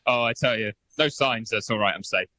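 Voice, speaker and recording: A man's voice: medium pitch, fairly quick, sharp tone, dry recording, low-quality recording. A man reporting live from the pit lane for a radio show, chatty and hesitant, with many fillers.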